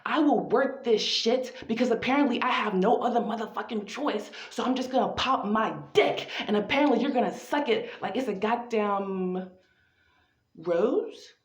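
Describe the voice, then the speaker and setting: Profane theatrical woman in echoey room. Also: fairly high pitch. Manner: profane, theatrical, drawn-out phrasing. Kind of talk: spoken-word monologue. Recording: echoey, dull lo-fi room recording.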